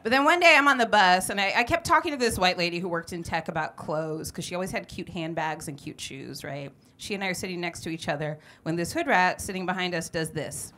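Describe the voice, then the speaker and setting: A woman's voice: on the low side, fairly quick, hardly any pauses, pushed and bright. A woman comedian from San Francisco telling a brash, profane story on stage at a live show. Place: bar venue stage before a live audience.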